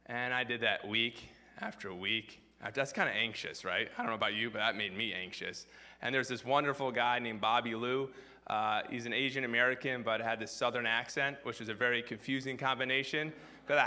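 A man's voice: medium pitch, brisk, sharp tone, big-room sound. A man preaching a sermon, telling a personal story in a casual, filler-heavy way. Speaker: pastor.

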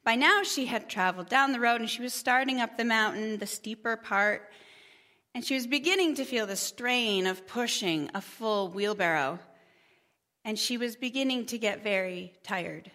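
A middle-aged mother telling a parable and stories from family life at a church gathering, chatty with gentle humor. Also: a little high, normal speed. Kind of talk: storytelling talk.

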